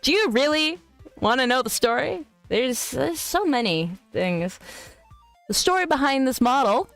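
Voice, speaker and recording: A woman's voice: high voice, very animated, unhurried, a bit bright, faint music behind. A woman VTuber streamer in casual live-stream chat, reading viewer messages aloud and answering them. She talks in a crude, joking and teasing way.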